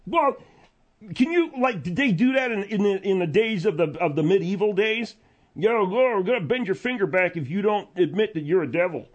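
A man's voice: high-pitched, lively intonation, moderate pace, dull audio, pitched above the performer's own voice. A man voicing a goofy studio sidekick who stammers and rambles. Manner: stammering, rambling, half-shouted.

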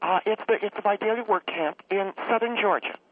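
A man's voice: high-pitched, a little fast, no echo, voice pushed up. A man voicing a fawning, rambling middle-aged woman caller who gets choked up easily. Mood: gushing. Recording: tinny phone line.

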